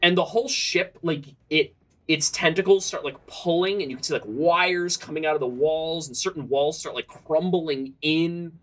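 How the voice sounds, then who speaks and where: A woman's voice: deep voice, moderate pace, fairly bright tone. A woman narrating as game master of a tabletop role-playing game, rambling with many ums and restarts.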